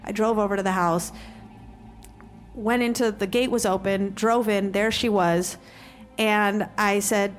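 A woman with a mid-range voice tells a personal story to an audience. She is animated and acts out both sides of a conversation. Faint music sits underneath. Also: mid-range voice, normal speed. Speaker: conference speaker.

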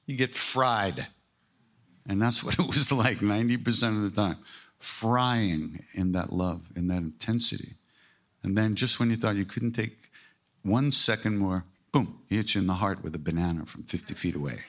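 A man's voice: on the low side, normal speed, a bit bright. A man giving an informal spiritual talk, earthy and joking, with emphatic repetition and frank language. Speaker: spiritual teacher.

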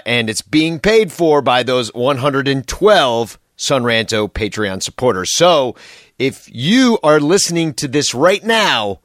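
A man's voice: mid-range voice, fairly bright tone, no echo, studio quality. Sarcastic man hosting a sports podcast. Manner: rambling and sarcastic. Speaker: podcast host. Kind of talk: casual solo sports podcast talk.

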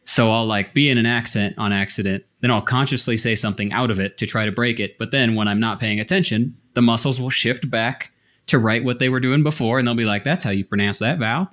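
A man's voice: medium pitch, steady tone, a little fast, fairly bright tone. A man co-hosting a podcast, explaining things at length in casual conversation with frequent restarts. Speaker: podcast co-host. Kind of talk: casual chat.

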